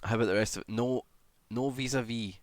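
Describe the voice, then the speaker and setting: A man streaming live, chatting casually as he reads and answers comments, with sudden excited shouts. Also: mid-range voice, brisk, no room sound. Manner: chatty, greets viewers, bursts into excited shouts.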